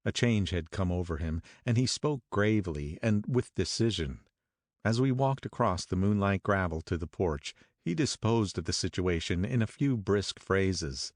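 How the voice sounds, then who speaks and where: A man narrating an audiobook in a measured, steady first-person reading. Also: deep voice, no echo, studio quality.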